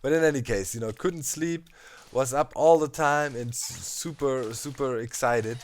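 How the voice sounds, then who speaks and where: A man, chatting casually while he plays a game. He tells his story in an animated way, laughs often and leans on fillers like "you know" and "man". His voice sits at an ordinary middle pitch. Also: unhurried. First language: German. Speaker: let's play host. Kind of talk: casual storytelling over gameplay.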